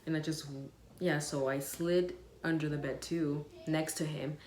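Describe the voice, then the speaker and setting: A woman's voice: deep voice, steady tone, a little slow, a little mellow, roomy sound. A woman telling a casual storytime to her viewers, rambling with lots of "like" and restarts. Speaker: vlogger.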